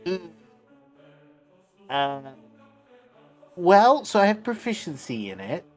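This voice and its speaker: A man playing in a tabletop game, talking things through slowly and haltingly. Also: sits high, big pitch swings, faint music behind. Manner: slow, halting, thinks aloud. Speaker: player. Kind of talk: casual table talk.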